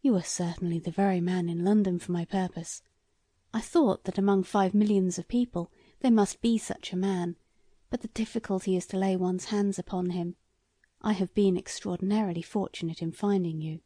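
A woman voicing a shrewd, eager older lord who questions a visitor in a courteous, soft-spoken way. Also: lowish voice, steady tone, moderate pace, dry recording, clean studio sound, close to an everyday voice.

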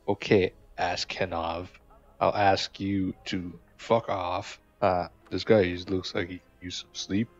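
A low, gravelly man riffs through his gameplay in a loose, joking way, swearing and mocking the people on screen. His voice comes through a dull, lo-fi mic. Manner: joking, swearing, talks to game characters. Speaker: gamer. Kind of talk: casual gameplay commentary.

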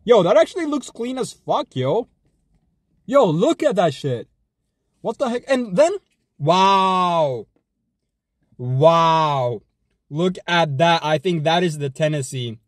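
A man streaming himself eating fast food, joking around, swearing often, and humming between bites. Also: on the high side, very animated, no echo, studio quality. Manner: hyped, joking, swears a lot, chews and hums between bites.

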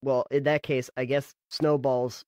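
A man's voice: medium pitch, level tone, unhurried, a little mellow, dry recording, studio quality. A man playing a tabletop game, joking around and laughing often. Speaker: player. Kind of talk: casual tabletop game chat.

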